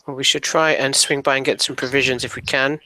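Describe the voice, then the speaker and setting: A man playing a tabletop game, speaking briskly and decisively. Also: medium pitch, flat delivery, bright, forceful tone, no echo. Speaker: player.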